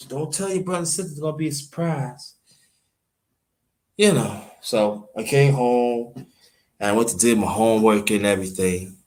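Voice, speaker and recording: A man from Brooklyn, telling a halting, emotional family story on a livestream and thanking viewers by name. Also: medium pitch. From Brooklyn, New York. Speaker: livestream host.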